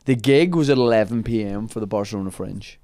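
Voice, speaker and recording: A man's voice: lowish voice, quick pace, no echo, studio quality. Man telling a story on a podcast. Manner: animated anecdote telling, laughing often. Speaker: comedy podcast host. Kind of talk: casual storytelling chat.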